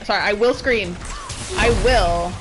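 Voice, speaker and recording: A woman with an alto voice, chatting excitably and giggling as she streams herself playing a video game. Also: mid-range voice, a little slow. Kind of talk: casual let's-play commentary. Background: game music.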